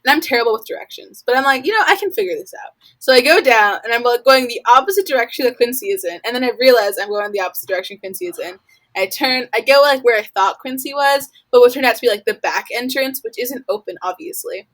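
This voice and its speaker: A woman's voice: on the high side, fast, a bit bright, poor audio. A young woman from Florida telling a long story casually, rambling and filling her speech with "like" while acting out her own reactions. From Florida, USA. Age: young adult. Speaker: college student guest.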